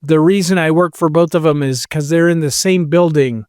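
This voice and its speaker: A man's voice: on the high side, normal speed, a little mellow, dry recording, clean studio sound. Chatty man telling a long story. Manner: rambling, quotes people with "he's like". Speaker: podcast co-host. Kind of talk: casual storytelling chat.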